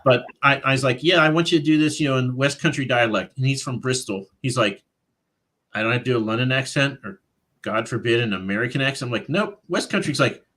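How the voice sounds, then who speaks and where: Male author guest, conversational, animated, self-quoting storyteller. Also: mid-range voice, fast talker. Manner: animated, quotes his own thoughts in voices, laughs often. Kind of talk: casual interview chat.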